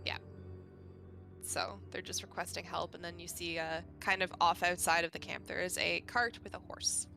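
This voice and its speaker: A woman's voice: lowish voice, little pitch movement, normal speed, vocal fry, bright, forceful tone, soft background music. A woman narrating a tabletop game as game master, chatty with many fillers.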